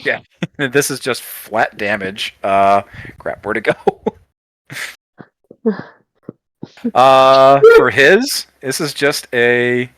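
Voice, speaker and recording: A man narrating as game master at a tabletop game, rambling along with constant fillers. His voice is bright and ringing, and the sound is dry. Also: mid-range voice, drawn-out words, long pauses, no echo. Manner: loose and rambling, heavy with fillers.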